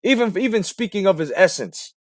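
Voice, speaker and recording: A man's voice: high-pitched, animated, brisk, no room sound, studio quality. Profane, ranting boxing talk-show host man. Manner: profane, ranting, emphatic with rhetorical questions. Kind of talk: heated late-night boxing talk show.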